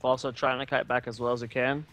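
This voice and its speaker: A man's voice: medium pitch, little pitch movement, fast, fairly bright tone, no echo. A man calls an esports match in a mid-range voice, trading jokes and breaking down the play as it unfolds. Game music sits faintly in the background. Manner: joking, analytical banter. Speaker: esports caster.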